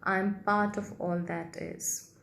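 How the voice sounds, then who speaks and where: A woman leads a guided healing meditation in a soft, gentle voice, moving slowly and repeating her phrases. Her voice carries a noticeable room echo, with a faint hiss underneath. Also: medium pitch, flat delivery, vocal fry. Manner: soft, gentle, slow and repetitive.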